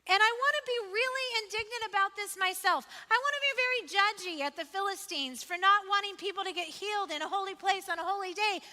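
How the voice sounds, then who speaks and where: Woman pastor, sermon, very high voice, emphatic and conversational, reverberant hall. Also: brisk, hardly any pauses, bright, forceful tone. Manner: emphatic, repeats phrases for effect; conversational, asks the listeners questions. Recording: long reverb of a large hall.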